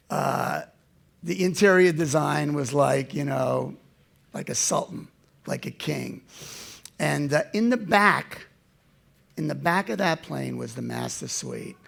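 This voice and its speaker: With a fairly high-pitched, gravelly voice, a man in his seventies narrates his own life story before an audience. His animated telling swings back and forth between loudness and hushed tones.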